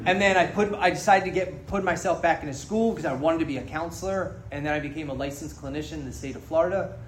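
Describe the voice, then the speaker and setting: A man's voice: a little high, fast talker, a little hiss or hum. A man sharing his story at a recovery meeting, frank and joking, swearing freely as he speaks to the group. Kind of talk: candid personal testimony to a group. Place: meeting room with an audience. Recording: roomy hall echo.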